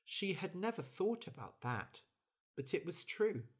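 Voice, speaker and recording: A storyteller reading a children's story slowly and clearly for English learners. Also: mid-range voice. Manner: clear, deliberate, expressive.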